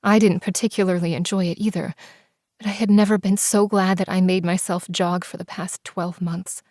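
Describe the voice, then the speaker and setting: A woman narrating a first-person romance audiobook, expressive and sometimes dropping to soft whispers. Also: fairly low pitch, moderate pace, no echo, studio quality. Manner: expressive, breathless in tense scenes, shifts into soft whispers.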